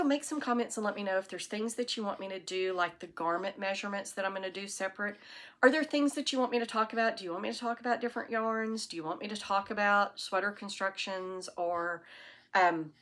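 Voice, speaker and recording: Woman rambling about her knitting to an ipad on a tripod, bright voice, chatty and laid back. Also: mid-range voice, brisk. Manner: chatty, rambling, self-deprecating. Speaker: knitting podcast host. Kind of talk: casual chat to camera. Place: at home, alone.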